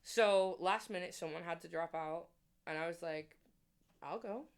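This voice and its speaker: A woman's voice: fairly low pitch, moderate pace, clean tone. A woman, a guest musician, telling stories in a casual chat and laughing often. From England. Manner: animated storyteller, laughs often.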